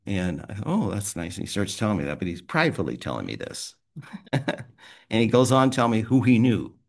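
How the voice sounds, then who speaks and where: A man's voice: lowish voice, very animated, fairly quick. A man leading a small men's group, giving a rambling, conversational devotional talk and praying, laughing often. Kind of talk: informal devotional talk and prayer. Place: small private group meeting.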